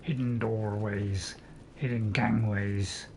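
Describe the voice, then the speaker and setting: A man's voice: fairly low pitch, fairly even intonation, slow, a little mellow, slight background noise. Man, casual game commentary, joking and self-mocking, faint game sounds behind. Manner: chatty, joking, self-mocking, tries silly voices. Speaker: gameplay commentator. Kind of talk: casual let's play commentary.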